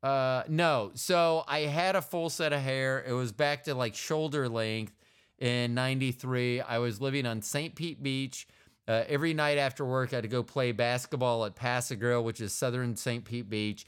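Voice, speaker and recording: A man's voice: medium pitch, moderate pace, smooth. A man in his fifties hosting a podcast, chatting casually and joking around. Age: 50s. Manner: joking, animated, puts on silly voices. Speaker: podcast host. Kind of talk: casual comedic chat.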